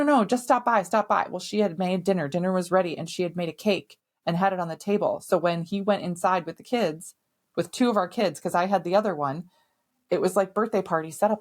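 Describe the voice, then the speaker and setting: A middle-aged woman with a fairly low voice recounts a personal story on her podcast. She speaks candidly and emphatically, swearing now and then. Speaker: podcast host.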